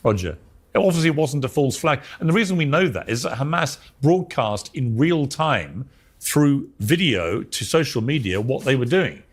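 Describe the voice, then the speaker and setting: A man's voice: medium pitch, big pitch swings, moderate pace, slightly rough. A man hosting a confrontational interview, blunt and pressing, cutting in often. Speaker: host.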